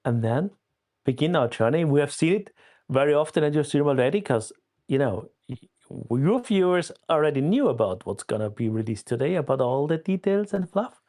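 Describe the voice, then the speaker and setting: Man calmly walking through steps. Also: on the high side, moderate pace. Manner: steady, step-by-step explaining. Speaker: guest explaining a tool. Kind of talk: casual walkthrough.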